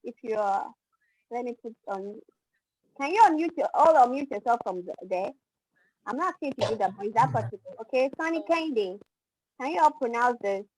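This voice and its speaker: Woman teacher, video call, slightly high voice, dry sound, patient, repeats words for students. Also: animated, brisk, darkish tone, husky, no echo, rough recording. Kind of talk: online language class.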